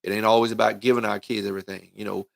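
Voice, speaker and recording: Gravelly low-voiced man coaching live. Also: flat delivery, rapid-fire, dry recording. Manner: folksy, preachy, addresses parents and kids directly with lots of "right?" and "man". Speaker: youth football recruiting coach. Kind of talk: live-streamed motivational talk.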